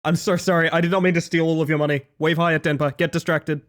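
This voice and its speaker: A man streaming live, chatting casually with viewers. He is excitable, swears and laughs often, and swings between loud outbursts and soft low asides. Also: fast.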